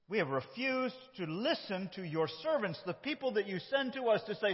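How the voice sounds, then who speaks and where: A man preaching a conversational sermon, moving between loud and quiet phrases. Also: high-pitched, very animated, moderate pace, few pauses. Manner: conversational, with shifts between loud and soft delivery. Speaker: pastor. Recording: dull sound with long hall reverb.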